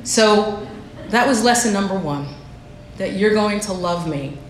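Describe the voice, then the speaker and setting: A woman's voice: mid-range voice, animated, measured pace. A woman giving a personal recovery share at a meeting, candid and self-deprecating in how she tells her story. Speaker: speaker sharing at a recovery meeting. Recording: echoey room, faint background noise.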